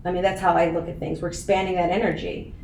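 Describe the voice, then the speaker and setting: A woman's voice: fairly low pitch, little pitch movement, fast, gravelly, a little mellow. A woman in her thirties, a podcast guest telling her story in an earnest, emotional way, laughing at times. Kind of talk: casual interview chat. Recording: echoey room, faint noise.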